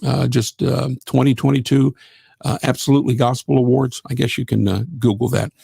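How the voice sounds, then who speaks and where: A man's voice: medium pitch, flat delivery, a little fast, creaky, warm tone, slightly rough, no echo. A middle-aged man, hosting a live gospel radio show in a folksy, rambling way with lots of fillers. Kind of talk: casual live-stream chat.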